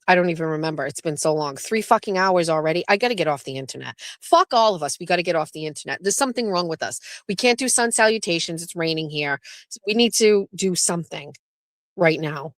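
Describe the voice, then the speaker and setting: Woman host, low-pitched, rambling and profane, close dry mic. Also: brisk, a bit bright, dry recording. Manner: blunt and profane, jumping between topics. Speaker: livestream show host. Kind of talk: rambling casual livestream chat.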